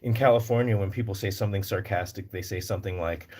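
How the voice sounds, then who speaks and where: A Northern Virginia man on the US East Coast hosts a laid-back live stream about rescue animals, joking and rambling while he reads out viewer comments. His voice is lowish and darkish, a bit fast, with hardly a pause.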